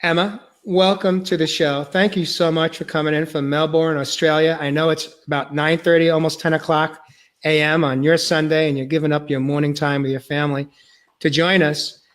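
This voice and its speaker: Earnest man, slightly high voice. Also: flat delivery. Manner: earnest, halting with restarts. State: choked up, near tears. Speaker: podcast host. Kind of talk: emotional personal testimony.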